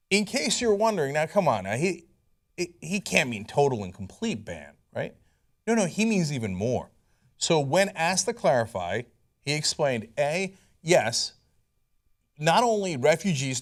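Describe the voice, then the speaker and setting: A man hosting political commentary in a sarcastic, incredulous, animated way. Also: fairly high pitch, normal speed.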